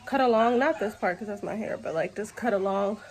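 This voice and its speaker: A woman vlogging casually, telling a story in an animated, exasperated way with repeated restarts. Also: medium pitch, brisk. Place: in a car and around home.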